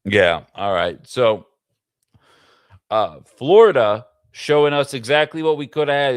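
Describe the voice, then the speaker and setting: A man's voice: fairly low pitch, expressive, a little slow, clear, resonant tone, no room sound, studio quality. A man hosting a casual political livestream, talking in a rambling way with fillers and asides to his chat. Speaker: livestream political show host.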